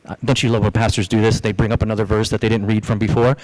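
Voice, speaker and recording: A man preaching a sermon as pastor, lively, acting out the voices he quotes. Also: fairly low pitch, very fast, poor audio. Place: church.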